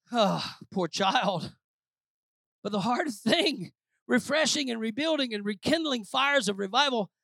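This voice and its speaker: A pastor preaching a sermon, swinging between shouted declarations and low, quiet asides. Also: male voice, no room sound, clean studio sound.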